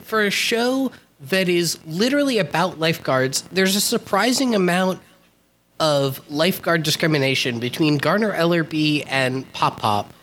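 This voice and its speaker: A podcast co-host recapping a TV episode in a relaxed, wry, casual chat. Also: mid-range voice, a little hiss or hum.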